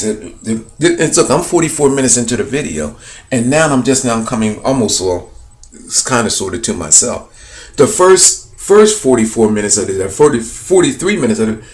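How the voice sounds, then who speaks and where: A man excitedly pointing out hidden faces in pictures to his viewers, rambling with many fillers and repeats. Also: medium pitch. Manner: addresses viewers as "people". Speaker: video host. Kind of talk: excited conspiracy commentary over images.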